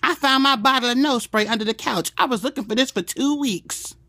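A man's voice: brisk, bright, forceful tone, no room sound, heavily acted. A man doing a shrieking overexcited person. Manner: shrill screaming delight.

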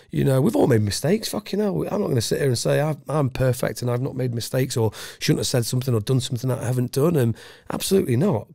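Sweary, gravelly ex-soldier man. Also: medium pitch, warm tone, no echo, studio quality. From England. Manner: blunt, sweary, matey. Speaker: podcast guest, former special forces. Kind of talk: casual interview chat.

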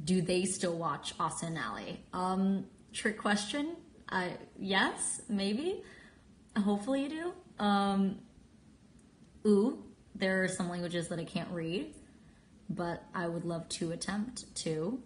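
A woman in her twenties chatting casually on a phone live stream, bubbly and giggly, reading out fan usernames and answering their questions. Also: on the low side. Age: 20s. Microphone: phone at arm's length.

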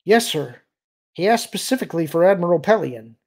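Audiobook bit: narrator voices a jumpy boy officer, high and tentative, a bit raspy. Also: lively intonation, a little fast, darkish tone, heavily acted. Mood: nervous. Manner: tentative, unnaturally high-pitched. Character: young nervous male comm officer.

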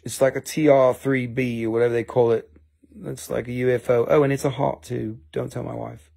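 Hosting a casual live-stream crystal sale, a man with an Appalachian accent rambles, makes fun of himself and swears freely. His mid-range voice is gravelly yet warm, moving little in pitch, at normal speed.

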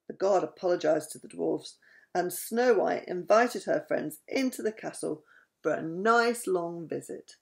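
A woman's voice: on the low side, unhurried, creaky, breathy edge. An older woman, a grandmother, chatting affectionately with her grandchildren and reading them a bedtime story.

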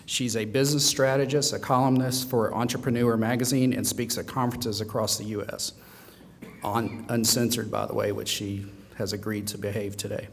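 A man hosting an event, introducing the speaker with halting, filler-filled speech. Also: lowish voice, level tone, creaky, slight background noise. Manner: halting, with many uh and um. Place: large meeting room. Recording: echoey hall with long reverb.

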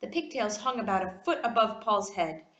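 Animated woman reading a storybook. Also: medium pitch, normal speed, roomy sound, lo-fi sound. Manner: expressive, animated. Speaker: reader. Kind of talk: storybook read-aloud.

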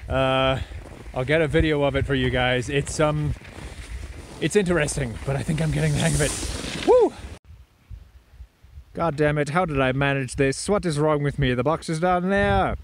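A young man chatting casually to the camera outdoors on a ski slope, excitable and thinking aloud as he goes. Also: on the high side, normal speed, slight background noise. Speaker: vlogger learning to snowboard. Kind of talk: casual vlog commentary.

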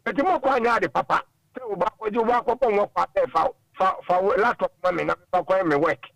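A man speaks in a high, gravelly voice as a caller on a radio talk show. His manner is earnest and moralizing, and the sound is dry and close, with no room around it. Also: fast, a bit bright, dry recording, dull audio. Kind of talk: call-in radio chat.

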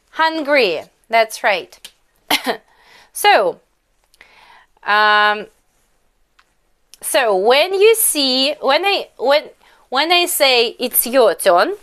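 A young woman with a Russian accent leads a children's English lesson in a high, lively voice. She speaks very slowly and coaxes little ones to repeat each phrase. Her tone is smooth and clear. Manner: slow, exaggerated, coaxing delivery with prompts to repeat.

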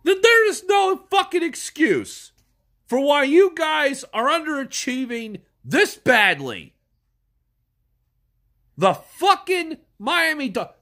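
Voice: high voice, big pitch swings, slow. An irate fan ranting and swearing about their team, sounding stuffed up from a cold. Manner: furious, yelling and swearing. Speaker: sports fan vlogger. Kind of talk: angry profane rant.

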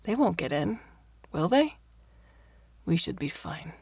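Woman reading an earnest anxious young male researcher, low gravelly voice. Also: very animated, slow, a little mellow, no echo, studio quality, heavily acted.

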